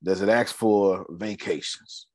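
A raspy-voiced man, teaching personal finance in a lively, preachy motivational talk and calling on listeners by name. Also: slow pace, no echo. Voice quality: raspy, deep. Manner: preachy, calls on audience members by name.

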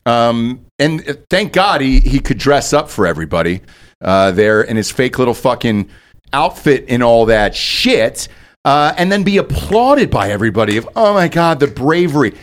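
A man's voice: mid-range voice, very animated, normal speed. A man co-hosting a podcast in casual chat, talking loosely and profanely with plenty of filler. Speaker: podcast co-host.

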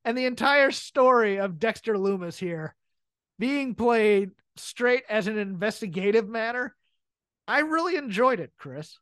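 A woman co-hosting a casual chat show. She talks in an animated way, laughs often and acts out quotes. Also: fairly high pitch, unhurried, no room sound. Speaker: podcast co-host.

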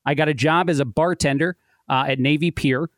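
A man's voice: fairly high pitch, steady tone, fairly quick, no echo, studio quality. A man in his thirties, a podcast guest, telling a long personal story in a chatty way and laughing at his own tale. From United States. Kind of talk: casual storytelling.

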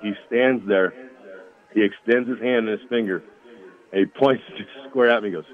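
Talking a little fast in a medium-pitched voice, an ex-college football lineman spins meandering anecdotes over the phone and laughs along with them. It's relaxed storytelling, heard through a tinny line.

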